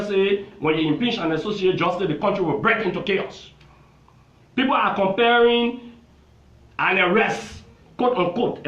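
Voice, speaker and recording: A man's voice: sits high, fairly bright tone. A Liberian man, a lawmaker, making an emphatic, repetitive political argument in a television interview. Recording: roomy, dull television audio.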